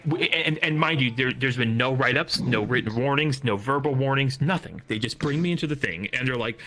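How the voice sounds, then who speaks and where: Man with a bright, forceful voice. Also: mid-range voice, fairly quick, few pauses. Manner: rambling, repeats himself, swears freely. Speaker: storyteller recounting job loss. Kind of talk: casual chat.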